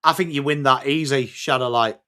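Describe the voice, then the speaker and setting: A man's voice: medium pitch, a little fast, pushed and bright, smooth. An English man hosting a live sports watch-along stream, calling the play and chatting to viewers in between. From England. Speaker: livestream host.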